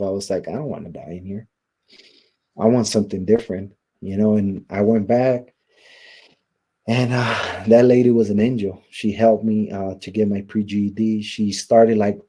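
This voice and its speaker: A man with a low, very dark and mellow voice tells his own story in an interview. He talks casually, acting out old conversations and leaning on "you know" and "like". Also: husky. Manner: casual, storytelling with many quoted exchanges and fillers. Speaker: interview guest.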